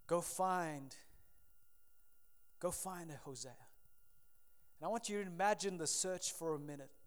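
Impassioned preacher, high clear voice. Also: male voice. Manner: impassioned preaching, swinging from loud to hushed. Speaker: pastor. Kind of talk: sermon.

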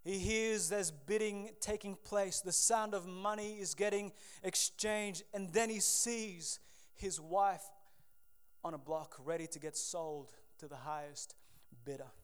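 A man preaching a sermon, swinging between loud appeals and hushed moments. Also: high voice, steady tone, unhurried, clean tone. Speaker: pastor.

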